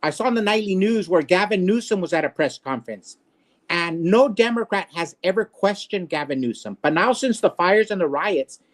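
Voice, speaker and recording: A man's voice: sits high, lively intonation, moderate pace. Ranting indignant man on a stream. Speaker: co-host. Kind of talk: casual chat.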